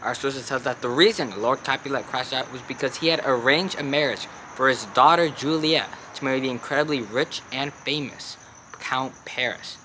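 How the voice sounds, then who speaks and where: Dramatic male field reporter with solemn news delivery, voiced by a teen boy; bright tone. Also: medium pitch, moderate pace, slight background noise, close to an everyday voice, poor audio. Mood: reporting. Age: teenager.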